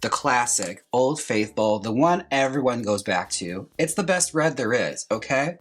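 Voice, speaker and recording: A man's voice: mid-range voice, expressive, a little slow, a bit bright, faint music behind. A young man who is a drag queen, chatting campily and theatrically while doing a makeup tutorial. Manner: chatty, campy, theatrical asides. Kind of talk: casual makeup tutorial chat.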